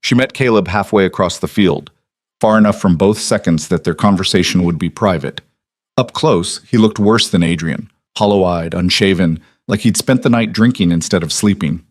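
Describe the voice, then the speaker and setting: Low-voiced male audiobook narrator. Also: moderate pace, no echo, clean studio sound.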